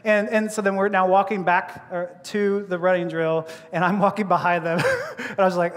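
A man preaching a sermon as a pastor, telling a story with lively acted-out voices and frequent laughter, in a church. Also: high voice, fairly quick. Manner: animated storyteller, acts out voices, laughs often. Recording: long hall reverb.

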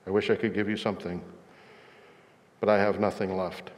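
A man voicing a loving old female tree in a storybook reading, speaking gently and quietly. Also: low-pitched, flat delivery, normal speed, close to an everyday voice. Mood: sorrowful. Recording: long hall reverb.

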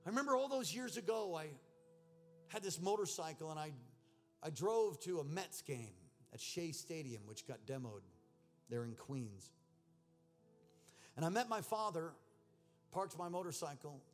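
A man's voice: fairly high pitch, lively intonation, moderate pace, long pauses, soft background music. A man preaching a personal testimony in church, earnest and emotional. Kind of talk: sermon testimony.

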